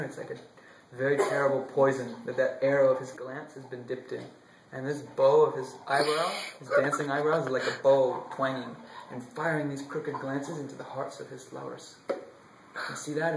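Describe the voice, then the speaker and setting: A man telling a devotional story expressively, shifting from loud to whispered passages. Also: mid-range voice, vocal fry, echoey room, background noise. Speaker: storyteller monk.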